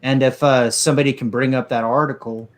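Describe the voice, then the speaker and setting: Measured man in podcast chat. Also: medium pitch, steady tone. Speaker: podcast co-host.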